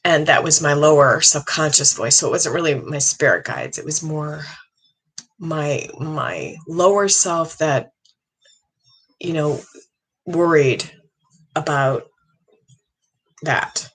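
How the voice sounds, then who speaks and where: A middle-aged woman, a psychic medium, giving an earnest, halting monologue with many restarts. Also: low-pitched, a bit bright, husky, low-quality recording. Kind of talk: casual monologue.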